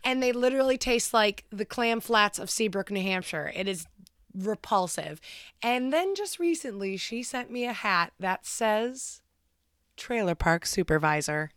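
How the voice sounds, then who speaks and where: A young woman who works as a schoolteacher, telling stories in a casual chat with excited exclamations and casual swearing. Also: mid-range voice, measured pace, clear, resonant tone, no room sound, studio quality.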